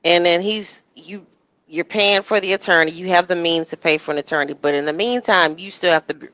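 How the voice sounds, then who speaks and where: A woman chatting casually in commentary, animated, slipping into quoted voices with frequent restarts. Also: low-pitched, no echo, poor audio.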